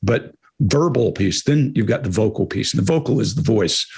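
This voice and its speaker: A man co-hosting a live Q&A, talking fast and explaining things, with a hoarse voice. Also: fairly low pitch, animated, darkish tone. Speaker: co-host answering viewer questions. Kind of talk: live Q&A talk.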